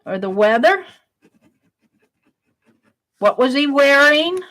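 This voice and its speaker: Woman, livestream host, high bright voice, unhurried, reads viewer questions aloud and praises them. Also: sing-song.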